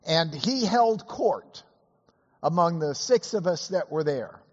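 Hoarse man telling a class story. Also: fairly high pitch, lively intonation, slow pace, in a large hall, highs cut off. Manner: chatty anecdotal storyteller with many fillers. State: hoarse from illness. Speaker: Bible class teacher. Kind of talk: storytelling lesson.

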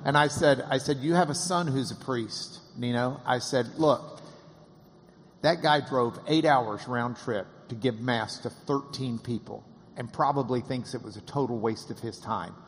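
Man, mid-pitched, storyteller who acts out voices, long hall reverb. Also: a little slow. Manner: animated, acts out quoted voices, laughs often. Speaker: interviewer and storyteller. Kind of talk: casual anecdotal storytelling.

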